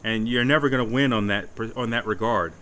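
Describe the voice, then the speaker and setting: A young man with a mid-range voice reacts to a livestream with blunt, profane, casual commentary, delivered briskly and a bit brightly. He often repeats phrases while choosing his words, and a little hiss or hum is audible.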